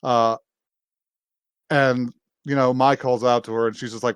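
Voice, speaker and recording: A man co-hosting a podcast, casually recapping a story in a rambling, animated way and acting out the characters' lines. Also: medium pitch, unhurried, clear, resonant tone, no room sound. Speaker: podcast co-host. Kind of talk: casual chat recapping an anime episode.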